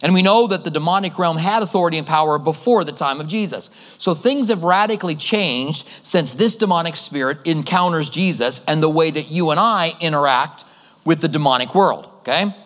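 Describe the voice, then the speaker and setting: A man's voice: a little high, fairly quick, a bit bright. A middle-aged male pastor preaching a sermon, telling stories and acting out the voices of others. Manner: conversational storytelling with acted-out voices. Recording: long reverb of a large hall.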